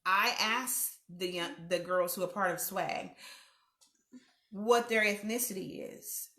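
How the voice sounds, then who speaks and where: A woman's voice: mid-range voice, takes it slowly. A middle-aged woman hosting a mentoring livestream from home, telling stories and acting out quoted voices with laughs. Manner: animated storyteller, acts out quoted voices with laughs. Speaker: host of a youth mentoring livestream. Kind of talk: casual livestream talk. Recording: echoey home room.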